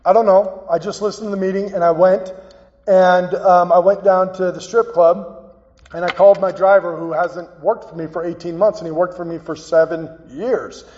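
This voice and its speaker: A man giving a personal, earnest recovery talk as a guest speaker, halting and repeating phrases as he tells his story. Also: sits high, steady tone, darkish tone. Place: meeting hall. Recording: dull, echoey hall recording.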